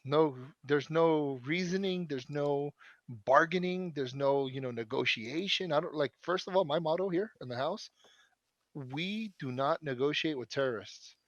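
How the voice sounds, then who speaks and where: A man's voice: fairly high pitch, normal speed, dry recording, muffled recording. A young man rambling through a profane story in casual podcast chat. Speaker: podcast co-host.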